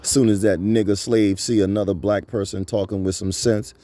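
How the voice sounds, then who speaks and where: A man in his thirties with a lowish, mellow voice delivers a preaching monologue to his audience. He talks emphatically and leans on repetition, piling up phrases like a rally speaker. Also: flat delivery, moderate pace, no room sound. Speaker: channel host.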